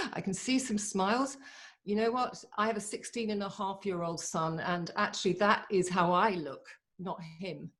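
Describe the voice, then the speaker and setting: A woman in her forties giving a motivational talk over a video call, eager and chatty, speaking in quick bursts. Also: medium pitch. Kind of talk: live online motivational talk.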